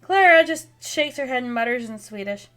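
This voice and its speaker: Woman game master on a stream, slightly high voice, chatty and apologetic, full of ums. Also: expressive, normal speed, a bit bright. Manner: chatty, apologetic, many fillers. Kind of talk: casual chat streaming a tabletop game.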